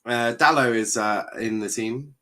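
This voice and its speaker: A man's voice: medium pitch, measured pace, bright, forceful tone. A man hosting a live football watchalong stream, reacting with exasperation and frequent swearing as he chats to viewers.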